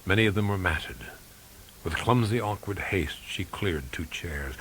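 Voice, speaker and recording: Low-ish guy reading a hardboiled novel, dry and wry, faint tape hiss. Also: animated, measured pace, fairly bright tone. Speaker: audiobook reader. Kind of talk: first-person novel narration.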